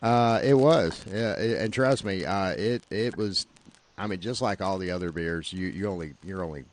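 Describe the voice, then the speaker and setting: A man's voice: low-pitched, moderate pace. A middle-aged man hosting a podcast, trading crude, teasing banter in a blunt, profane way. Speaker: podcast host.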